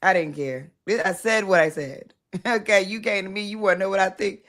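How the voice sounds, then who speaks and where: A woman hosting a casual conversation, talking bluntly and in an animated way, acting out the things she says to people. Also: medium pitch, a little fast. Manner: blunt, animated, acts out her own past self. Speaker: host, founder of the organization.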